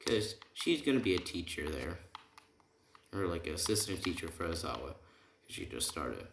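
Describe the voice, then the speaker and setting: A man's voice: low-pitched, big pitch swings, moderate pace. A man casually telling a made-up fan story, rambling and retelling the dialogue with lots of "he's like" and "right?". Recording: echoey room with keyboard typing noise.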